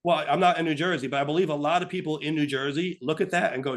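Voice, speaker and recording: A man's voice: a little high, steady tone, quick pace. A man co-hosting a political talk show, speaking casually and putting on voices to make his points. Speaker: podcast co-host.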